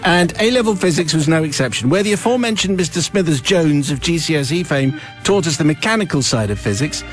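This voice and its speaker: A radio host reading a listener's confession aloud, with wry, theatrical storytelling and dry asides. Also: male voice, on the high side, expressive, fast, soft background music. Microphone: studio microphone.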